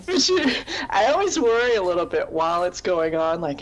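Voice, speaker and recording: A woman's voice: fairly low pitch, big pitch swings, a little fast. A woman co-hosting a casual live chat show, a teacher who rambles through stories and laughs often. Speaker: podcast co-host.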